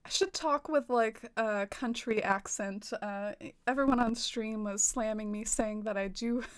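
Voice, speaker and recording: A woman's voice: a little high, unhurried. A woman from the American South with a light twang, chatting casually on a game stream, reading viewer comments and giggling often between filler-heavy sentences.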